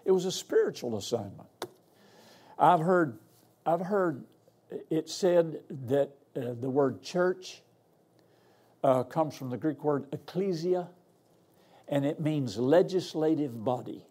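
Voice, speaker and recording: A man's voice: fairly high pitch, lively intonation, slow, long pauses, darkish tone, breathy edge. An older man, a guest pastor preaching a sermon in a folksy, humorous, storytelling way. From Arkansas. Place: church.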